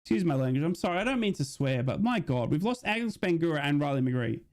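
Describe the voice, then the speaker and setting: An Australian man streaming a football watch-along, chatting with viewers in a rambling, excitable way and often asking "you know what I mean?". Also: a little high, fast talker. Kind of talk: live commentary chat with viewers.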